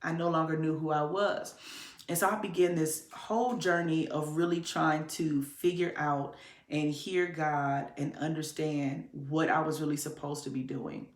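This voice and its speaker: Low-voiced woman telling her story. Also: fairly even intonation, a little slow, roomy sound. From Detroit. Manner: candid, conversational, with sudden pitch jumps to demonstrate voices. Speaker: podcast host. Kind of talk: personal storytelling monologue.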